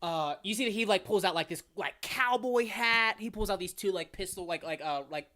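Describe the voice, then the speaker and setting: A woman's voice: medium pitch, normal speed, a bit bright. Rambling woman game master. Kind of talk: narrating a tabletop game.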